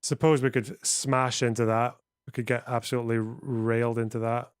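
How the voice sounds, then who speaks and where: A man's voice: mid-range voice, level tone, moderate pace, clean tone, dry recording, studio quality. Profane man streaming live. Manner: profane, rambling, reacting to chat. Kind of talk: casual live-stream chat.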